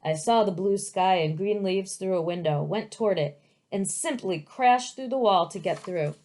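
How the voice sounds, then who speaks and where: A woman voicing an eager, gentle young male dragon who was born from a painting, telling his story in earnest. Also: mid-range voice, moderate pace, natural voice.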